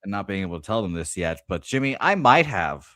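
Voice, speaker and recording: Lower-voiced upbeat man, dry sound. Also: sing-song, fast talker, pushed and bright, no echo. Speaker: sports betting show co-host. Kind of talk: casual sports betting talk.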